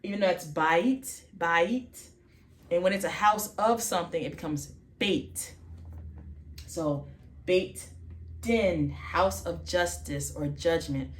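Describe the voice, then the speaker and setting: A woman with a lowish voice walks through pronunciation at an unhurried pace. She sounds out each letter and repeats words again and again. The room gives her voice a noticeable echo. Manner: slow, repeats sounds many times, self-correcting. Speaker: faith channel host teaching vocabulary. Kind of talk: informal language lesson.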